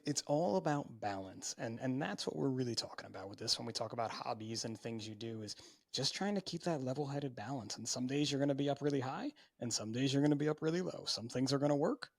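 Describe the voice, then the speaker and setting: A man hosting a podcast, talking in a relaxed, reflective, casual way. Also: medium pitch, creaky, no echo, studio quality. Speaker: podcast host. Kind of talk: casual chat.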